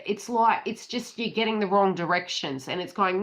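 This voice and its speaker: A woman's voice: mid-range voice, normal speed, a bit bright. A middle-aged Australian woman giving a casual tarot reading, chatty and giggly and swearing freely, with birds calling behind her. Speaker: psychic tarot reader.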